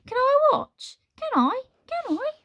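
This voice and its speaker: A tiny living candle from a storybook: very high, squeaky, loud, gossipy prattler. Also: female voice, big pitch swings, normal speed, muffled recording. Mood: eager. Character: flickering talking candle, chattering and excitable. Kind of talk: storybook reading.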